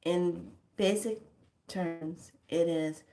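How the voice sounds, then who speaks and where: Woman teaching spiritual stuff to camera, slow and emphatic, kinda low voice, chants some words drawn out. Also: fairly bright tone.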